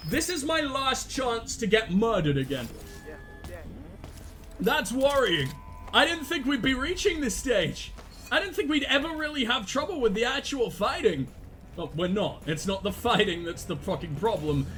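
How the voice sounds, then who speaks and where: A man commentating on his own video game play, loud, sweary and self-mocking, breaking into panicked yells during fights. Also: sits high. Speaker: gaming channel host.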